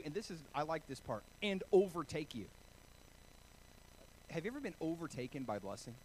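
A man from Oregon preaching a sermon, telling stories with animated, self-deprecating humor. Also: on the high side, brisk, a little hiss or hum, rough recording. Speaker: pastor.

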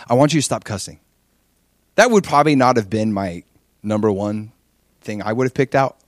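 A pastor in his forties with a medium-pitched voice preaches a sermon, animatedly telling a personal story and acting out his past prayers and conversations. The recording is dry and studio quality.

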